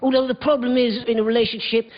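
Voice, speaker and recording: A man doing a stand-up comedy routine on stage, telling stories in a dry, deadpan way. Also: very high-pitched, quick pace, a crowd in the background. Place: comedy stage before a live audience. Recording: dull live stage recording.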